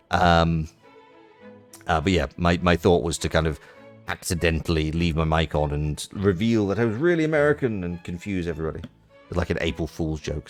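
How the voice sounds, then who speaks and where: A British man streaming a game, chatting casually and rambling with restarts. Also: deep voice. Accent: British English.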